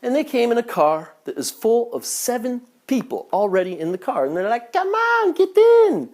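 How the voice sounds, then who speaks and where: Animated, profane comic storyteller man. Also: high-pitched, a little fast. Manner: profane, exasperated, animated punchlines. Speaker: vlogger telling a travel story. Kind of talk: comedic storytelling.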